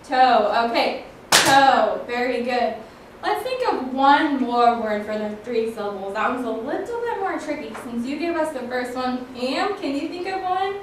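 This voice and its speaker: A woman's voice: sits high, animated, moderate pace. A woman teacher leading a phonics lesson, praising her pupils and stretching words out to count their syllables. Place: classroom. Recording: echoey classroom, voice from a distance, faint noise.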